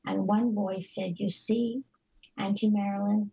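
Woman interview guest, earnest storyteller, gravelly and husky, slightly dull lo-fi recording. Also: mid-range voice, steady tone, dark tone. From Canada. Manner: earnest, halting storyteller with many restarts. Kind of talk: telling stories in an interview.

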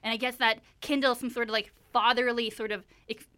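On a podcast, a woman co-host animatedly recaps a film she watched, peppering her talk with "like" and "you know." Her voice is on the high side, brisk and smooth.

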